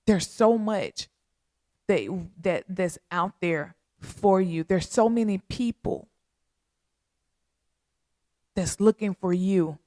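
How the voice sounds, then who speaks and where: A woman hosting a podcast, making a heartfelt spoken appeal in a slow, earnest, pleading way with a lot of repetition. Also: mid-range voice, dark tone, no echo, studio quality. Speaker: podcast host.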